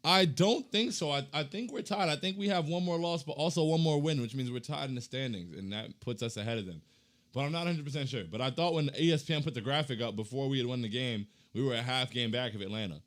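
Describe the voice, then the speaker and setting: A young man hosting a casual postgame chat, reading fan comments in a hyped, slangy way that swings between loud chanting and low muttering. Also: fast.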